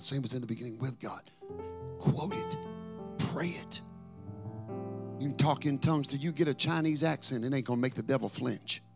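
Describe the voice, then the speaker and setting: A male pastor preaching a sermon, chanting scripture in a sing-song rhythm that rises to shouting. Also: mid-range voice, creaky.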